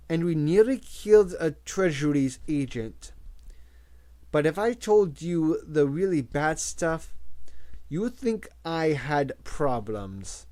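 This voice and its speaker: A man reading the part of a gruff, blunt older commando trainer with dry humor. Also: fairly high pitch, mellow.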